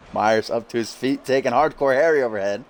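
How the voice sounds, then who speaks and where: A man with a mid-range voice hosts casual commentary on video game wrestling at a moderate pace. He jokes and swears with his co-hosts and laughs often.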